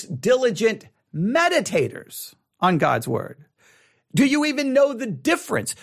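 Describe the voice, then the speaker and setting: A man hosting a podcast, teaching on Bible study in an emphatic way and repeating words for stress. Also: high-pitched. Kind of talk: spoken teaching.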